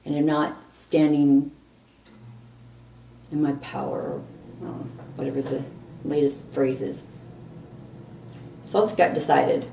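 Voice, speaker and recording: A middle-aged woman vlogging a candid personal story, animated and exasperated at times. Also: low voice, a little slow, gravelly, long pauses, a little hiss or hum. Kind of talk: personal reflective monologue. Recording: roomy echo, distant mic, faint ambience.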